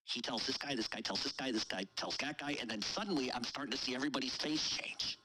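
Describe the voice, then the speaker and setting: Man, casual storyteller host, bright tone, profane and amused. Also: mid-range voice, fast talker, slightly rough, poor audio. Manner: profane, laughing through his own story.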